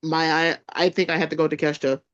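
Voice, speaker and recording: A man's voice: a little high, little pitch movement, quick pace, fairly bright tone. A man co-hosting a podcast in casual wrestling chat, hesitant and stumbling over words, with crude jokes. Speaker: podcast co-host. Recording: dull lo-fi sound.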